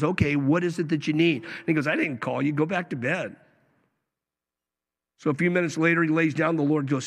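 A man preaching a sermon as a pastor, animated, with joking asides and acted-out quotes. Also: fairly high pitch. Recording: long hall reverb.

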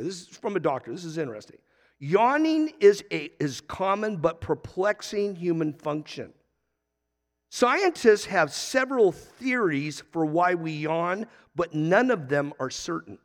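A man preaching in a church, his somewhat high voice carrying a long reverb tail through the sanctuary. He reads scripture in slow, drawn-out phrases, then lifts into emphatic, energetic points before settling again. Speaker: pastor. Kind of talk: sermon.

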